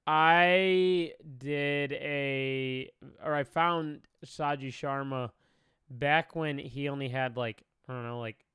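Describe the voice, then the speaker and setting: A man's voice: medium pitch, fairly even intonation, slow pace, fairly bright tone, clean tone, dry recording, clean studio sound. A young man doing casual reaction commentary, talking emotionally, often sighing, swearing and trailing off. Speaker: commentary streamer.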